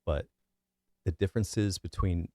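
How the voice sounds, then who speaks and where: A man in his thirties with a deep bass voice, giving his opinions in a casual, rambling monologue full of fillers and restarts. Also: a little slow, a little mellow, no echo, studio quality. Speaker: vlogger.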